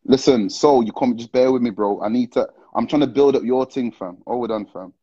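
A man hosting a casual livestream, tipsy and excitable, heavy on slang as he calls out to viewers. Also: mid-range voice, a little fast, slightly rough. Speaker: livestream host. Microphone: live stream with call-ins. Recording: dull lo-fi stream audio.

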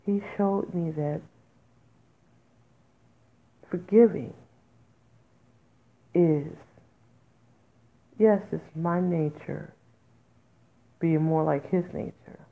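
Speaking extremely slowly and pausing often, this podcast host has a low, gravelly voice. She talks candidly in informal dialect, delivering an emotional personal monologue full of raw, emphatic outbursts, all heard through tinny, phone-like audio.

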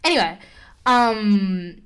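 A woman's voice: mid-range voice, lively intonation, slow pace, fairly bright tone, clear, resonant tone. Chatty young woman podcaster. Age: young adult. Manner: chatty, swears freely, lots of "like". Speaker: podcast co-host. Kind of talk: casual chat.

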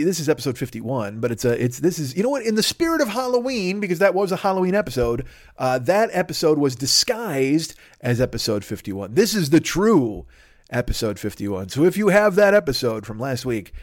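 A man's voice: a little high, no room sound, studio quality. A man hosting a podcast, delivering a comedic solo monologue as a profane, rambling rant full of tangents. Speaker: podcast host.

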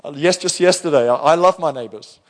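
A man's voice: on the high side, a little fast. A middle-aged male pastor preaching a sermon in church, talking in a conversational, storytelling way with frequent restarts.

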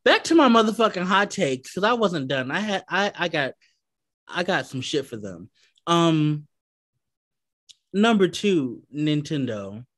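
A man co-hosting a podcast, ranting in casual chat with lots of swearing and animated outbursts. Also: fairly high pitch, a little slow, no echo, clean studio sound. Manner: profane, animated rants. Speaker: podcast co-host.

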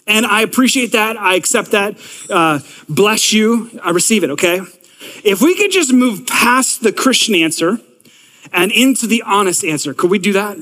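A man in his thirties preaching a sermon to a congregation, energetic and conversational, often repeating words and restarting sentences. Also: high-pitched. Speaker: pastor. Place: large church hall with long reverb. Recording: long hall reverb.

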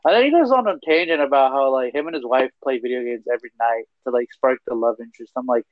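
A man's voice: mid-range voice, fast, no echo, narrow, tinny audio. A young man chatting casually, rambling and swearing heavily with lots of fillers. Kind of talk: casual podcast chat.

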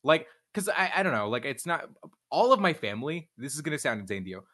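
A man's voice: fairly high pitch, very animated, quick pace, a bit bright. Candid, profane young man chatting. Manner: profane, candid, rambling with restarts. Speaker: streamer guest. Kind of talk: casual chat.

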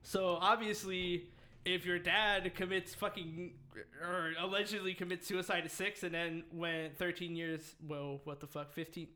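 Man, fairly high bright voice, laid-back storyteller, swears a lot. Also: little pitch movement, unhurried. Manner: storytelling, loose and joking, swears freely. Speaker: podcast co-host telling a true-crime story. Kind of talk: casual profane chat.

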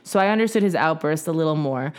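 A woman hosting a podcast, reading a wild story aloud in casual chat, lively and blunt with slang and swearing. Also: sits low, quick pace, clean tone. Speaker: podcast host.

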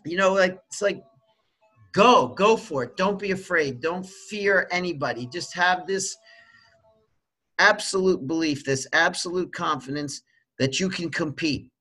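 A man's voice: fairly high pitch, normal speed, bright, forceful tone. A man, a swim coach, talking casually and giving earnest, emphatic advice. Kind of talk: casual conversation.

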